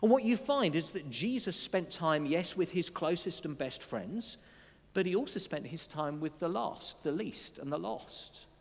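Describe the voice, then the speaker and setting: A man delivers a sermon in a chatty, conversational manner, with dry humour and quick asides. His voice sits a little high and moves a lot in pitch. A long hall reverb trails after every phrase. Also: lively intonation, vocal fry. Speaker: preacher.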